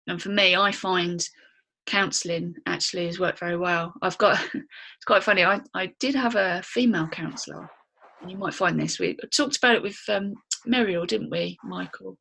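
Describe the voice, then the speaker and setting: A woman's voice: lowish voice, normal speed, creaky, pushed and bright. A woman co-hosting a podcast, talking candidly in a chatty, blunt way and swearing now and then. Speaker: podcast co-host. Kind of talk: casual podcast chat.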